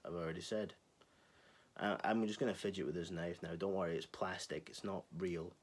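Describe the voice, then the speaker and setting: A young man in his twenties with a lowish voice rants to camera in a casual, exasperated monologue. He is sarcastic and swears freely. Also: steady tone, fairly quick. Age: 20s. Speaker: channel host.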